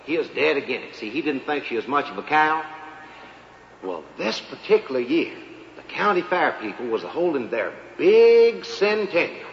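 A man's voice: a little high, very animated, normal speed, a little hiss or hum. Folksy storyteller man. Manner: folksy drawling storyteller, feigned humility. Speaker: comedian. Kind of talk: live comic monologue. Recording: echoey hall, dull live recording, faint crowd.

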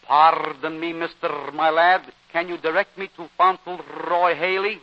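An actor playing a formal, pompous Scottish butler with a put-on Scottish accent, in 1940s radio comedy. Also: male voice, a little high, little pitch movement, measured pace, lightly acted. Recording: dull old radio recording.

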